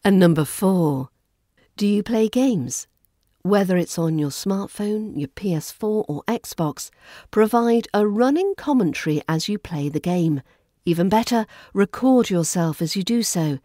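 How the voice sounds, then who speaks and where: RP English woman, podcast accent coach, mellow and measured, dry close mic. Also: mid-range voice, animated, no echo. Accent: Southern English RP. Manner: clear, measured teaching delivery. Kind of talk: scripted podcast lesson.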